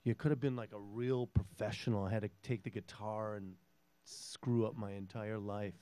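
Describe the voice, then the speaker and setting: A guest musician from Minnesota, USA, with a Minnesotan accent chats casually between songs in a garage studio, rambling, joking and putting himself down. His voice is on the low side and dark but clean, with a steady tone at normal speed. There's no room sound, and a guitar plays in the background.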